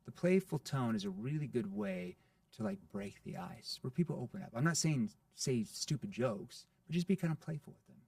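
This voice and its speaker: A man being interviewed on a podcast as a sales coach, talking in an animated way and acting out playful sales lines. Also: mid-range voice, moderate pace, vocal fry, no room sound, studio quality, far from the mic.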